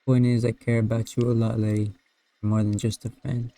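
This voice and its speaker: A man reading out a chat log as an earnest young suitor confessing his feelings, in a plain, unhurried voice. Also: medium pitch, flat delivery, noisy background, natural voice. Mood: tender.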